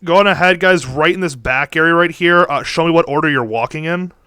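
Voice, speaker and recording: A man's voice: fairly high pitch, brisk, sharp tone, smooth, dry recording, clean studio sound. A young man narrating as game master over a voice call, rambling with fillers and restarts. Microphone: headset or desk mic on a voice call.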